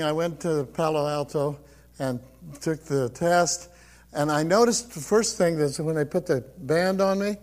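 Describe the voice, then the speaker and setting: Giving his personal testimony, an older preacher speaks in a slightly high voice. Along the way he quotes other people and laughs often.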